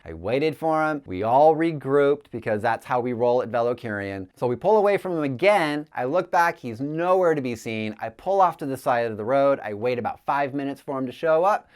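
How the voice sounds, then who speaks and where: A man hosting a cycling channel, telling the story of a group ride in a lively, enthusiastic way. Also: medium pitch, normal speed, hardly any pauses. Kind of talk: storytelling voice-over.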